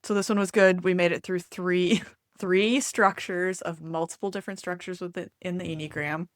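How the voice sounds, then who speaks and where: A woman's voice: on the low side, fairly even intonation, moderate pace, no room sound, studio quality. A woman co-hosting a podcast in casual chat, upbeat and laughing often. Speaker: podcast co-host and enneagram coach.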